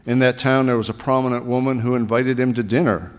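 A male pastor giving a sermon, telling stories in a relaxed, conversational way. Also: mid-range voice, fast talker, smooth. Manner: conversational storytelling preaching. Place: church sanctuary. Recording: long reverb of a church hall.

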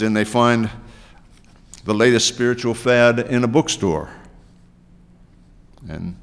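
A male pastor delivering a sermon in an easy, conversational way, tossing out rhetorical questions. His voice sits on the low side, and a long reverb trails behind it as if he is in a large church. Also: smooth.

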